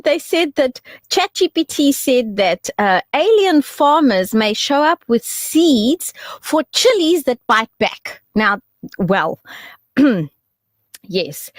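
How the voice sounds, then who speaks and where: A woman hosts a radio show, her voice bouncing up and down as she chats and jokes. The sound is dry and close-miked with no room around it. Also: dry recording. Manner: chatty and joking, with lively swoops in pitch and laughs. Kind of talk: casual radio chat and weather.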